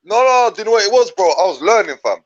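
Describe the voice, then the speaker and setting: A man chats easily on a panel in relaxed slang. His voice sits a little high. He comes through a video call with dull, muffled lo-fi audio. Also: fast talker, slight background noise. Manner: laid-back, slangy. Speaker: guest on a panel. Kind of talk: casual chat.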